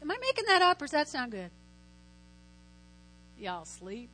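A woman preaching a sermon in a lively way, calling out to her listeners and asking them to answer back. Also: high-pitched, normal speed. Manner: lively, lots of call-and-response. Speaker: Christian teacher preaching.

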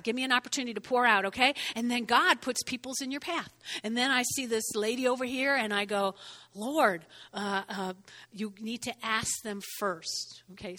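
Older lady preaching, lively and bright, lots of "okay?", echoey hall. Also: fairly high pitch. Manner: animated, punctuates with "okay?" and "all right?". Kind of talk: sermon. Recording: reverberant hall.

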